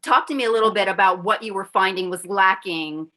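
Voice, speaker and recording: A woman's voice: mid-range voice, brisk, pushed and bright. A woman, likely in her forties, hosting a conversational interview, asking curious, chatty questions. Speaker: interview host.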